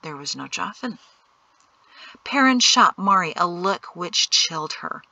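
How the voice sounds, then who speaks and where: A woman narrates an audiobook in a measured storytelling voice, now and then dropping to a hush. Her tone is bright and sits close and dry, with no room around it. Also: on the low side, lively intonation, gravelly, no room sound. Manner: measured storytelling, softening to hushed whispers. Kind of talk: scripted narration.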